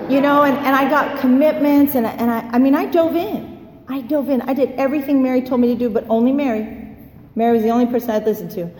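Brief: woman, higher voice, lively storyteller, recorded in a roomy reverberant hall. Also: a little hiss or hum. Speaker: speaker sharing her recovery story. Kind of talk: personal testimony talk. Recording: roomy hall with long echo.

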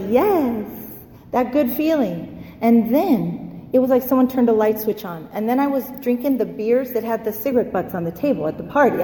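A woman telling her recovery story, animated, acting out the voices of people she quotes. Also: a little high, a little hiss or hum. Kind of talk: personal testimony talk. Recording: roomy hall with long echo.

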